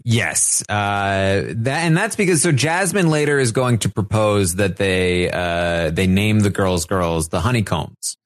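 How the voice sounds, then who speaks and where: A man co-hosting a podcast, casually recapping events and acting out what people said in animated voices. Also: measured pace, hardly any pauses, dry recording, clean studio sound. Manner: animated, acts out quotes in high put-on voices. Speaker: podcast co-host.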